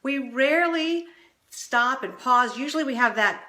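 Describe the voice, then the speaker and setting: Bright, animated woman coach. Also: unhurried, echoey room. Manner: animated, acts out quoted voices with big pitch swings. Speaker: relationship coach and show host. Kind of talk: direct-to-camera advice talk.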